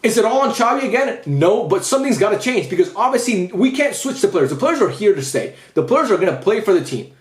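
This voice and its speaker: Young male fan vlogger, fairly high voice, angry swearing post-match rant in a roomy space. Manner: frustrated, repetitive, swearing.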